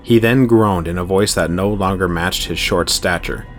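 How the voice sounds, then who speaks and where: A man reads a horror story aloud in a steady, measured way. His voice sits very low and even. Faint music runs quietly underneath. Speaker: narrator. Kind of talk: scripted horror story narration.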